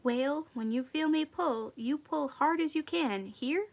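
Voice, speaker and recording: A woman's voice: high voice, measured pace, gravelly, lo-fi sound. A woman voicing a small, boastful male rabbit trickster who talks in a folksy, wheedling way. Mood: bossy. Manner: folksy dialect, wheedling and cocky.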